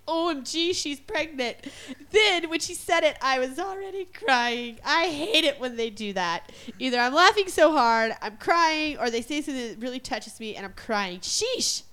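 A woman co-hosting a radio show, chatting casually in a giggly, gushing, animated way. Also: high-pitched.

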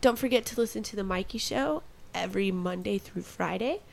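A woman's voice: medium pitch, expressive, fairly quick, gravelly. A woman hosting a casual podcast, chatty and joking while she plugs the show. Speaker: podcast host.

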